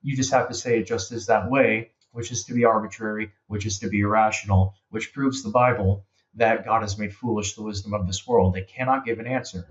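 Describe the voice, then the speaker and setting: A man's voice: on the low side, steady tone, fairly quick, few pauses. Man, guest author, earnest, explains step by step, slightly dull audio. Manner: earnest, explanatory, repeats key points. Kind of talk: casual conversation. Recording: slightly muffled sound.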